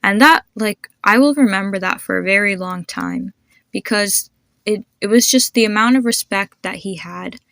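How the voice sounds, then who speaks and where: A woman's voice: medium pitch, fairly bright tone, dry recording, studio quality. A young woman hosting a podcast, patiently teaching pronunciation and encouraging listeners to repeat after her. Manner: encouraging, patient, demonstrates sounds slowly. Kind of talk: instructional podcast.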